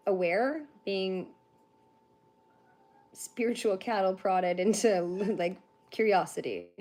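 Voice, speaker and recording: A tired young woman from Canada, chatting fast on a livestream with lots of fillers while she gives a card reading. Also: medium pitch, darkish tone. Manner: fast-talking, chatty, laughs often, many fillers. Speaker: tarantula reader on a livestream.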